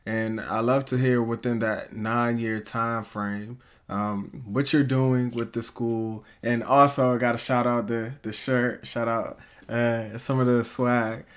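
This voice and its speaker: A man's voice: medium pitch, little pitch movement, takes it slowly, a bit bright, clean tone. A man hosting a podcast interview, affirming and summing up his guest's story, heard over a video call. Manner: affirming, reflects back what the guest says. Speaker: podcast host.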